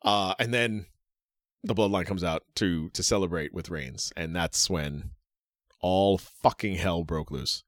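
A man co-hosting a casual podcast, excitedly recapping a wrestling match in a rambling way with many restarts. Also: fairly low pitch, no room sound, clean studio sound. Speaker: podcast co-host.

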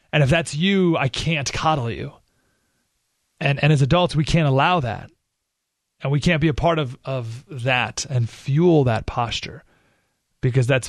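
A man's voice: mid-range voice, normal speed, creaky, dry recording, clean studio sound. A man hosting a political talk radio show, speaking emphatically and sarcastically. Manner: emphatic, sarcastic, with short laughs.

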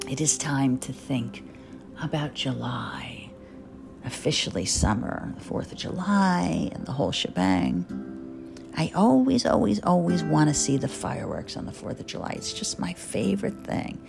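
A woman's voice: low-pitched, sing-song, measured pace, gravelly. A woman in her fifties from New Jersey, hosting a podcast in a candid, chatty, self-deprecating monologue. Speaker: podcast host. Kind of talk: personal monologue. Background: guitar music.

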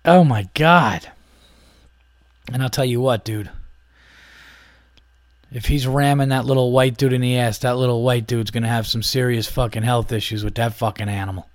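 A man's voice: mid-range voice, fairly even intonation, moderate pace, long pauses, dry recording, clean studio sound. A man hosting a podcast, ranting in a casual, profane, exasperated way with many restarts. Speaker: podcast host.

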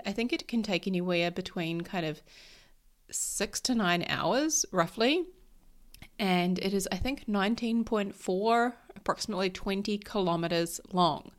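A woman, hosting a podcast as a life coach, sounding nasal from a cold and talking in an upbeat, blunt way. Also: mid-range voice. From New Zealand. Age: 30s. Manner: upbeat, blunt, swears casually. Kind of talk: casual chat.

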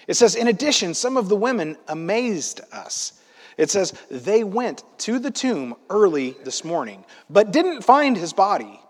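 A man preaching a sermon, reading scripture aloud and acting out the story with lively, loud asides. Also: sits high, moderate pace. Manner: animated, dramatizing the story with loud acted-out asides. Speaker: pastor. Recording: long hall reverb.

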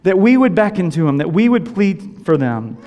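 High-voiced man preaching in a reverberant hall. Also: sing-song, moderate pace, mellow, highs cut off. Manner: earnest preaching, repeats phrases for emphasis. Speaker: pastor. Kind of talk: sermon. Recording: long reverb of a large hall.

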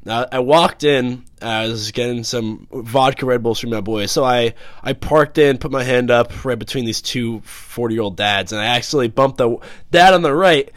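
Young man, podcast host, swearing boisterous storyteller, mid pitch, dry sound. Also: normal speed, no echo. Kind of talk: casual chat.

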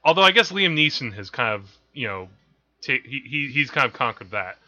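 Chatty man with a bright, lively voice. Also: medium pitch, brisk, lo-fi sound. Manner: rambling, self-correcting, laughs at his own stories. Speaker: film podcast co-host. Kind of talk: casual chat about films.

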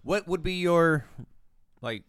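A man's voice: a little high, lively intonation, slow, fairly bright tone, smooth, no room sound, studio quality. A man from the United States in casual podcast chat, opinionated and sarcastic, griping with gusto. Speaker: podcast co-host.

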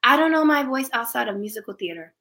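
A woman's voice: on the high side, lively intonation, fast, bright, forceful tone. A woman in her forties, a musical theater performer recovering from throat surgery, telling her story in a candid, reflective way. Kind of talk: casual conversation.

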